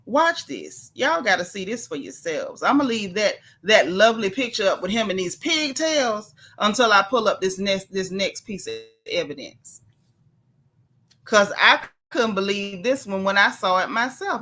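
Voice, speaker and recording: A woman with a bright, sharp voice dishes celebrity gossip in a casual, sassy way. She talks straight to her viewers, calling them y'all and reading their chat comments as she goes. Her tone is frank and playful. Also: medium pitch, very animated, normal speed. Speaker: gossip channel host.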